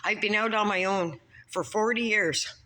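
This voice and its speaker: A woman's voice: medium pitch, moderate pace, sharp tone. Pleading woman in her fifties. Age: 50s. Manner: pleading, repeats her points for emphasis. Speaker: drywaller vlogging from work. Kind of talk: heartfelt personal vlog appeal. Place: indoor unit of a building under construction.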